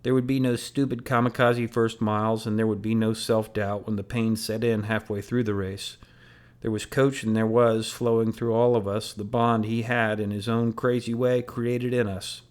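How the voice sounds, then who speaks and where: A man reading a novel aloud in first person, measured and earnest. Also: lowish voice, little pitch movement, darkish tone, clear, resonant tone. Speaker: audiobook narrator.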